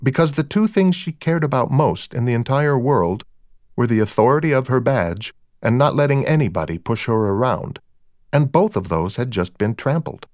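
Male audiobook narrator, first-person crime story, wry and dry delivery, middle pitch, close dead-room sound. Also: lively intonation, normal speed, darkish tone, no echo.

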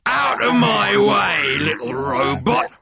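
High gravelly battle-tank machine. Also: male voice, big pitch swings, a crowd in the background, heavily acted. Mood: incredulous. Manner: roaring, incredulous, slow and halting. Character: huge bewildered male battle tank machine.

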